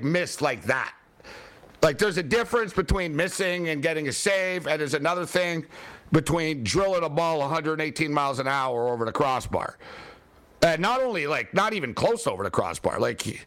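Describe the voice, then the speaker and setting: A man with a high-pitched voice rants loosely about sports, filling every sentence with filler words. Like a casual chat-show host blowing off steam, he sounds animated and full of opinions.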